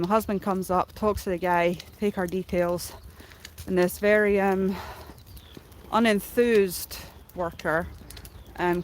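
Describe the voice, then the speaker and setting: A woman's voice: fairly low pitch, a little hiss or hum. Rambling woman telling a story. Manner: rambling, filler-heavy, emotional retelling. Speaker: streamer. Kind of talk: casual storytelling on a livestream.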